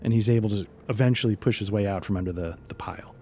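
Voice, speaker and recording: A man narrating as game master in a loose, halting way, full of fillers. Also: on the low side, mellow, slight background noise.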